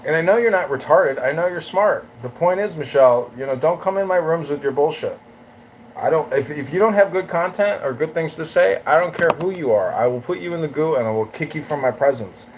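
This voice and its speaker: A man's voice: on the high side, fairly quick, slight background noise, low-quality recording. A man hosting a live audio chat room, ranting in a profane, taunting, swaggering way.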